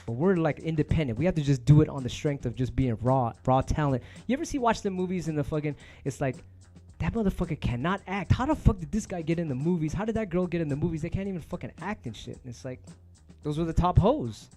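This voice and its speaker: A man's voice: fairly high pitch, expressive, fast talker, warm tone, faint music behind. A man hosting his own stream, ranting casually to viewers in heated, profanity-laced street slang. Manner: emphatic, heated. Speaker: DJ and stream host.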